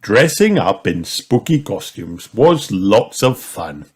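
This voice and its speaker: A man reading a children's storybook aloud as narrator, slow, clear and expressive. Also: on the low side. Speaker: storybook reader. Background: soft music.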